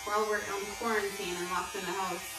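A woman's voice: medium pitch, flat delivery, fairly quick. A woman co-hosting a casual home vlog, chatting with lots of "um" and "like" fillers. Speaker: brand co-founder and vlog host. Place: home room during lockdown. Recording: echoey room, mic at a distance, background noise.

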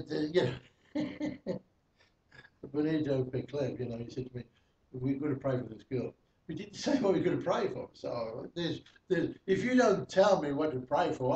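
A man's voice: mid-range voice, darkish tone. A man preaching a testimony sermon, telling a story in a chatty way with many fillers and chuckles. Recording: echoey, distant, dull, slightly noisy.

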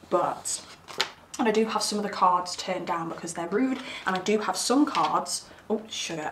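A woman giving a casual tarot reading, chatty and giggly, rambling with plenty of fillers. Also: mid-range voice. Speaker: tarot reader. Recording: roomy sound, mic at a distance, faint background hiss.

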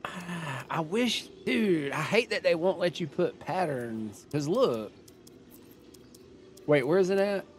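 Speaking slowly with a fairly high voice and lively intonation, a male gaming streamer chats casually as he plays, reasoning aloud through his choices. There's a slight hiss or hum on the recording.

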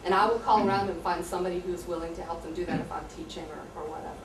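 Speaking very fast in a fairly low, steady voice, an American woman who teaches high school tells visitors about her classroom practice. She's earnest and conversational and acts out student exchanges. The recording is distant and echoey, with a light hum underneath.

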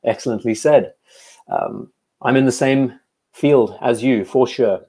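A man's voice: medium pitch, a little slow, mellow, slightly rough. A South African man hosting a casual live stream, reading out viewer comments and chatting enthusiastically with frequent restarts.

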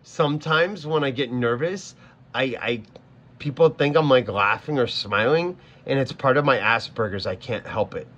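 A man's voice: mid-range voice, normal speed, fairly bright tone, muffled recording. A man streamer talking casually to his chat, flustered and stammering as he repeats himself. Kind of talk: casual livestream talk to chat.

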